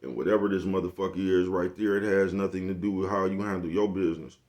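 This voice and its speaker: Deep-voiced guy vlogging, laid back, swears a lot, keeps asking if u get him. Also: steady tone, quick pace, a little mellow. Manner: laid-back, profane slang, keeps checking in with the listener. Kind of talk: casual monologue.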